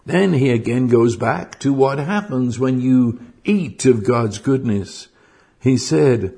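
A man preaching a sermon, slow and earnest, often repeating words as he restarts, rising to fervent outbursts. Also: medium pitch, animated, warm tone.

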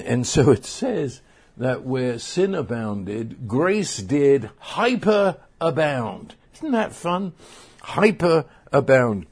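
A man delivers a sermon at an unhurried, deliberate pace. His voice has a husky edge and a mid-range pitch. He stresses key words emphatically and often stumbles and restarts his phrases. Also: darkish tone. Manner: slow and emphatic, with repeated restarts. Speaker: preacher.

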